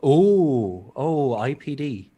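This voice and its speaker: A man answering questions on a live gaming panel in a relaxed way, pausing and sighing as he thinks. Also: mid-range voice, husky, narrow, tinny audio. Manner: relaxed, sighs while thinking, laughs. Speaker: guest panelist. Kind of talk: casual live game chat.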